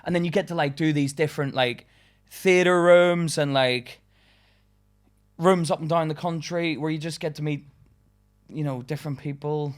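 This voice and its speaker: A man's voice: a little high, fairly even intonation, normal speed, pauses often. A young man, a stand-up comedian, chatting casually as a podcast guest, laughing often and full of fillers.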